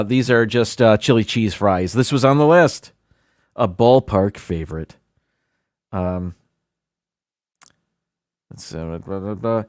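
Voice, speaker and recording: Male streamer, casual and animated, reads a list with offhand jokes; dry close mic. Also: mid-range voice, no room sound. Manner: chatty, self-deprecating, stumbles over foreign words. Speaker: livestream host. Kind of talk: casual livestream chat, reading a list aloud.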